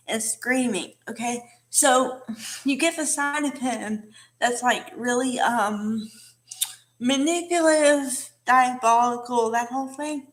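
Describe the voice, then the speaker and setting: A woman's voice: on the high side, takes it slowly. A woman casually recapping a soap opera episode, chatty with many fillers and asides.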